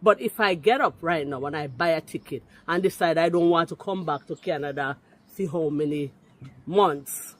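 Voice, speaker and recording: A Jamaican-accented woman caller, forcefully rebutting in a heated call-in, slipping into patois. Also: deep voice, moderate pace. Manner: forceful, indignant, patois-laced.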